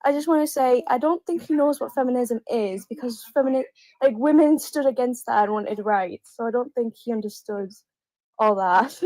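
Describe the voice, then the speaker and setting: A woman's voice: on the high side, moderate pace, mellow, no echo, rough recording. A woman calling into a livestream, speaking hesitantly with fillers. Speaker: caller. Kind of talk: casual livestream call.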